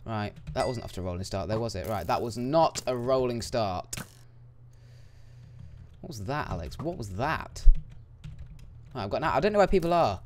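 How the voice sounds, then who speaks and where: A young man giving casual, excitable gameplay commentary that swings into loud, frustrated yelps. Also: medium pitch, moderate pace, long pauses, slight background noise. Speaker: gaming YouTuber.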